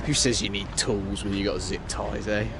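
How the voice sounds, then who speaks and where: A young man narrating his own motorbike trip in a casual travel vlog, cheeky and self-mocking, with bursts of excitement. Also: on the low side, normal speed, creaky, very noisy. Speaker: travel vlogger.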